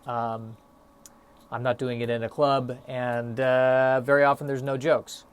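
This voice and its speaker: A man's voice: medium pitch, level tone, a little slow, smooth. Rambling, self-mocking podcast man. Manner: self-deprecating, stop-start musing with frequent fillers. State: a bit out of breath. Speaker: solo podcast host. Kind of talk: rambling solo podcast monologue.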